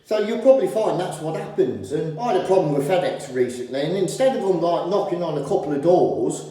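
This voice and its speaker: A man's voice: fairly high pitch, expressive, brisk, warm tone, distant mic. A British man, a decorator vlogger, telling a rambling, wry story in casual chat. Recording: very echoey room with long reverb.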